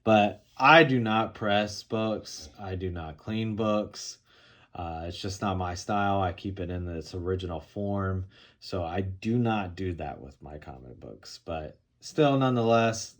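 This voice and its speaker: A man casually showing off and talking through comic books he bought, in a relaxed, rambling way with frequent fillers. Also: low-pitched, measured pace. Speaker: comic book collector showing his haul. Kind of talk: casual show-and-tell vlog.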